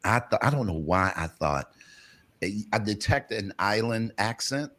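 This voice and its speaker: Playful low-voiced male show host. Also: lively intonation, unhurried, a bit bright. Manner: playful, teasing, folksy banter. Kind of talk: casual morning show chat.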